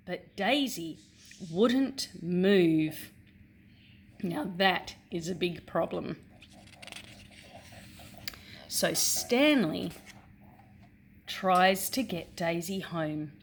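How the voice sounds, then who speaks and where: A woman reading a picture book aloud to young children, slow, clear and teacherly, pausing to clap syllables and ask questions. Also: lowish voice. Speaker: storyteller for children.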